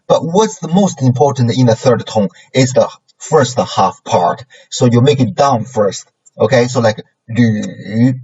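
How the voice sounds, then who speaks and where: Man, language teacher, patient, checks in often, models sounds, very slow pace, muffled lo-fi recording. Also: mid-range voice, a little mellow, husky. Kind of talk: classroom lesson. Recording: dull lo-fi recording.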